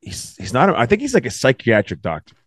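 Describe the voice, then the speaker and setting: Fast-talking man in casual chat. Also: mid-range voice, no echo. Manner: profane, animated storytelling with acted quotes.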